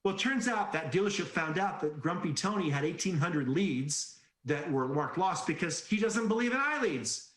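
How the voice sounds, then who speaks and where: A man's voice: a little high, moderate pace, few pauses, roomy sound. A man presenting a sales training webinar, telling anecdotes with jokes and acted-out voices. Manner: animated storyteller, jokes and acts out quoted voices.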